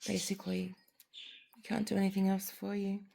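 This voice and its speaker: An Australian woman chatting candidly at home while crafting, rambling and sometimes sinking to a soft near-whisper. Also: mid-range voice, monotone, normal speed, vocal fry, a little hiss or hum. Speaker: crafting vlogger. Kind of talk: casual chat while crafting.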